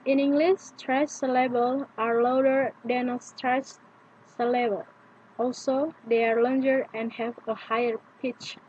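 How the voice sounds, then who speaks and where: A young adult woman, a native Indonesian speaker, reading a prepared pronunciation lesson aloud and slowly repeating example words. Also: fairly high pitch, level tone, darkish tone. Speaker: student presenting pronunciation lesson. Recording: dull lo-fi with faint noise.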